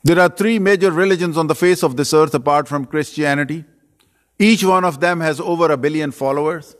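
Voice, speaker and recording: A man's voice: on the high side, a little fast. A man who grew up in Pakistan. He preaches an earnest sermon as a guest missionary preacher, stacks phrases in threes and drops dry self-deprecating jokes. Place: church sanctuary. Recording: long reverb of a church sanctuary.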